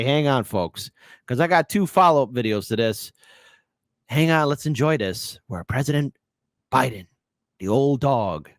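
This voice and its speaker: A man's voice: mid-range voice, dry recording, clean studio sound. A man hosting political commentary, ranting in a sarcastic, heated, exclamatory way.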